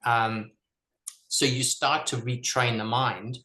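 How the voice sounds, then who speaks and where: A man's voice: mid-range voice, fairly even intonation, slow pace, pushed and bright. A man appearing as a podcast guest, explaining his ideas in a thoughtful, casual way. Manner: thoughtful, explanatory, frequent "you know". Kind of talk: casual reflective chat. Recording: echoey room.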